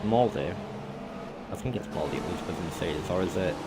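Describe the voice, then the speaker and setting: A man's voice: sits low, lively intonation, moderate pace, background noise. A man co-commentating a sim race, matter-of-fact as he reads out standings and strategy.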